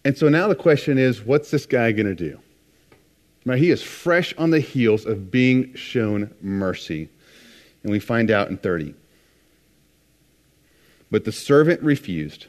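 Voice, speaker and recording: A man's voice: mid-range voice, darkish tone. A man preaching a conversational sermon, retelling scripture with casual asides. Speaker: pastor.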